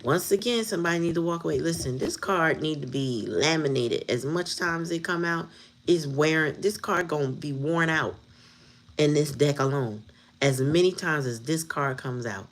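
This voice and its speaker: A woman's voice: deep voice, normal speed, a little hiss or hum. A woman giving a casual tarot reading, blunt and profane, talking straight to her viewers and laughing often. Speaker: tarot reader.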